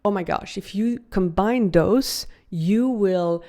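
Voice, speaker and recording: A woman voice coach teaching a video lesson, upbeat and demonstrative, slowing her delivery for effect. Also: medium pitch, mellow.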